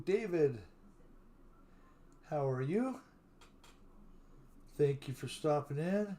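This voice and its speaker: An older man hosts a live stream, talking slowly and easily with a fairly high voice. He drawls through rambling stories and stops to greet his viewers by name. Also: animated, gravelly, mellow. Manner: chatty storyteller who greets viewers by name; drawling, unhurried talk. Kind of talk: casual live stream chat.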